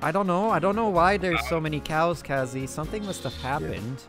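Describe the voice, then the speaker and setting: A man hosting a casual gaming voice chat, talking excitably and breaking into playful panicked yelps and shouts. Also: on the high side, a little fast. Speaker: gaming channel host. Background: background music.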